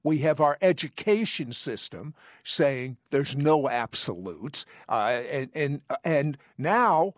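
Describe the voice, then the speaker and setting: A man hosting an interview, speaking earnestly and interjecting, with halting restarts. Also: fairly high pitch, lively intonation, no echo, clean studio sound. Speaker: TV show host. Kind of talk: interview talk.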